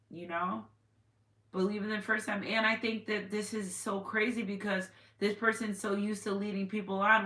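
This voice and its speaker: Lady doing a chill tarot reading, keeps repeating herself, yells out now and then, echoey room. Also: mid-range voice. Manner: chatty, repetitive, with sudden exclamations. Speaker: tarot reader. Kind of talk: casual tarot reading to viewers. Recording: echoey room with faint noise.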